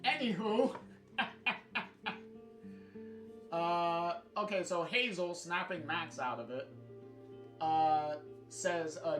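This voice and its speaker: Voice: medium pitch, slow pace, long pauses. A game streamer giving let's play commentary, reading the game text aloud and rambling with many fillers and restarts. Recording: roomy sound with guitar music.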